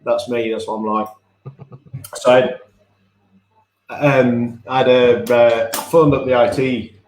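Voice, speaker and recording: A man's voice: mid-range voice, little pitch movement, takes it slowly, darkish tone, reverberant, slight background noise. A man co-hosting a casual live-stream podcast from home, chatty and rambling, often laughing at himself. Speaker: podcast co-host.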